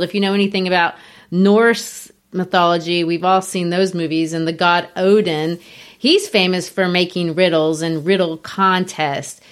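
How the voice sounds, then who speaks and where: A woman hosting a casual literary talk, explaining background in an animated, teacherly way. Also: fairly low pitch.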